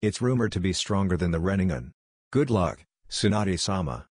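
A man reading the part of a calm, cryptic young male ninja who speaks in a grave, formal way. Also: sits low, fairly quick, husky, dry recording, studio quality.

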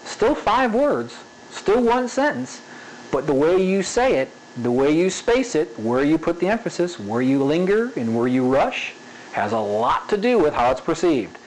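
A man's voice: fairly high pitch, very animated, moderate pace, a little mellow, a little hiss or hum, poor audio. A man teaching animation in a casual spoken tutorial, checking in often with "okay?" and repeating an example sentence with varied emphasis. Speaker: animation instructor.

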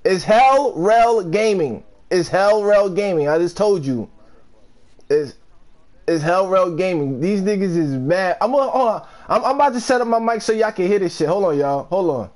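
Brash high-voiced male gaming streamer. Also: animated, moderate pace, darkish tone. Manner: brash profane trash talk, laughing at opponents. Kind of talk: live gaming stream commentary.

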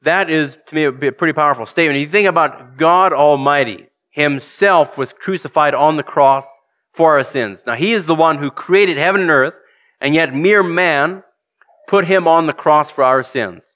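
Earnest preacher man, slightly high voice. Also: normal speed, fairly bright tone. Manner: earnest, addresses the congregation directly with questions. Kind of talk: sermon.

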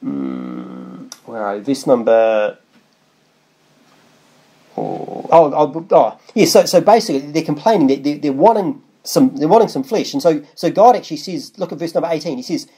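Preaching in a rambling, conversational way full of restarts and asides, this man reads lengthy scripture passages aloud. His voice is fairly high and warm, with big pitch swings, at a normal speed.

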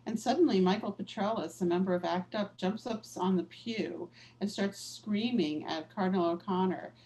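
A woman's voice: mid-range voice, moderate pace, a little mellow, low-quality recording. A woman author and activist, the guest in a conversational interview, telling stories in a candid, reflective way with casual fillers.

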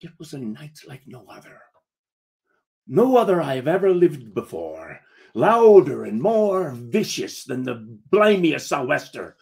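Lively male storyteller in pirate dialect. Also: a little high, unhurried, creaky. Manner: pirate dialect with "be" in place of verbs. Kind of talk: comic story reading as a first-person pirate.

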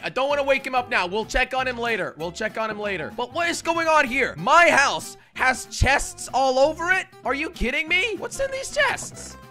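A man hosting a game video, excitable commentary with sudden shouts and big swings. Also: high voice. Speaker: gaming video host.

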